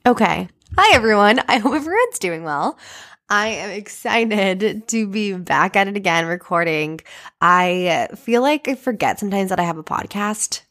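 A woman's voice: medium pitch, animated, normal speed, fairly bright tone. A young woman hosting her own podcast, chatting casually and rambling with lots of fillers and self-deprecating asides. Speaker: podcast host. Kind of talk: casual solo podcast chat.

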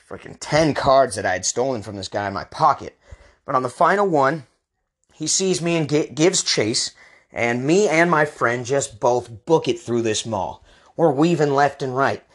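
A man in his thirties telling a comedic personal story in an animated, casual, slangy way. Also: medium pitch.

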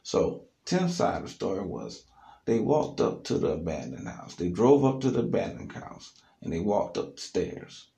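Low gravelly guy telling a wild story, lots of ums, echoey room. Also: moderate pace, dull audio. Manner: animated, loose with fillers. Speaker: podcast host telling a story. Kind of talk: casual storytelling. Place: studio, alone.

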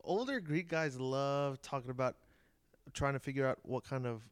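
A man's voice: medium pitch, moderate pace, clean tone, dry recording, studio quality. A man chatting casually on a podcast, laughing often as he talks.

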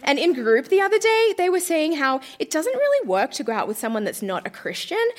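A woman's voice: high-pitched, very animated, fairly quick. A young woman reading her teenage diary aloud on a theatre stage, melodramatic and laughing through it. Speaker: reader of her childhood diary. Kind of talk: live reading to a theatre audience.

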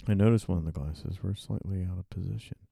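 A man, an author, thinks aloud while drafting and typing in a dark room, muttering, rereading and correcting himself. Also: sits low, fast talker, vocal fry, breathy edge, dry recording.

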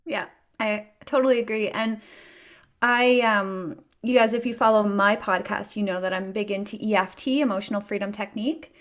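A woman's voice: mid-range voice, fairly even intonation, normal speed, fairly bright tone. A woman hosting a podcast, talking in an earnest, encouraging, chatty way. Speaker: podcast host. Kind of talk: casual chat.

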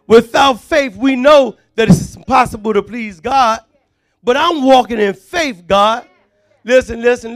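A man preaching a fervent sermon, often shouting and calling on the congregation to respond. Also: very high voice.

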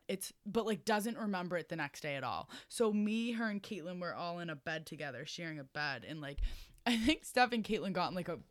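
A woman's voice: fairly low pitch, dry recording, studio quality. A young woman co-hosting a casual chat, laughing through her stories and giving friendly advice. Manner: laughing storyteller, casual and chatty.

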